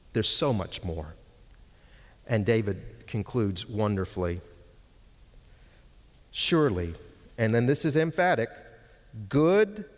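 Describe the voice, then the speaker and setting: A man teaching Hebrew from the pulpit, preaching slowly and emphatically, repeating words for stress. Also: mid-range voice. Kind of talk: sermon with Bible exposition. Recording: long hall reverb.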